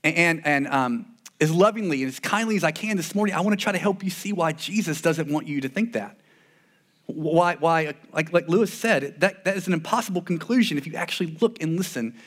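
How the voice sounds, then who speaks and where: A man's voice: fairly high pitch, a bit bright. A man preaching a sermon as a pastor, talking earnestly and conversationally, often restarting his sentences.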